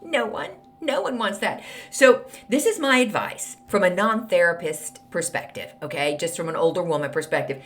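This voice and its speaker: Sassy older woman, very lively pitch. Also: moderate pace, few pauses. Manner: sassy, blunt and chatty. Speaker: podcast host. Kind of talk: casual solo podcast monologue.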